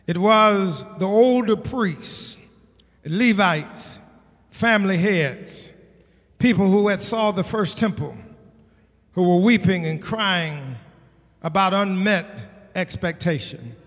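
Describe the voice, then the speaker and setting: A man preaching a sermon as pastor of his church, emphatic and repeating his points, building to shouts. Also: high voice, takes it slowly, big-room sound. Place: church sanctuary.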